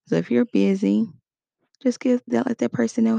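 A woman's voice: fairly high pitch, fairly even intonation, moderate pace, vocal fry, dark tone, dry recording, lo-fi sound. A woman giving a casual spoken lesson in a conversational way, acting out short example quotes. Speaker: instructor.

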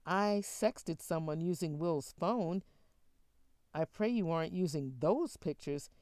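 A woman reading the lines of a grown son who speaks in a flat, deadpan way. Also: lowish voice, takes it slowly, dry recording, clean studio sound.

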